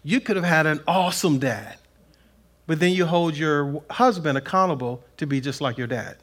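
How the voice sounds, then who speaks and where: Man, pastor, sermon, middle-aged, animated, high-ish pitch. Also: normal speed. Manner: animated preaching, acts out quotes in raised voice.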